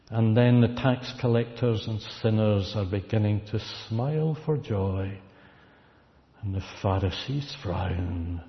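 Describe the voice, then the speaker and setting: A man preaching a sermon, slow and deliberate, repeating key words for weight. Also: lowish voice. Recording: dull recording with long hall reverb.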